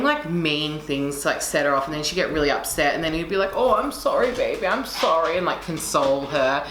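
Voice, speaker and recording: A woman's voice: sits low, a bit bright. A young woman telling a story in casual chat, passionate and swearing freely as she acts out what people said. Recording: echoey room with faint noise.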